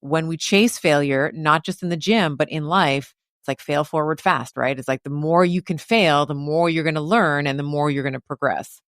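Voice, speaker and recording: A woman's voice: sits low, normal speed, few pauses, dry recording, studio quality. A woman doctor talking as a guest on a podcast, speaking casually and acting out little voices as she makes her point. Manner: lively, acts out baby talk and inner critic voices. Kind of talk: animated conversational interview.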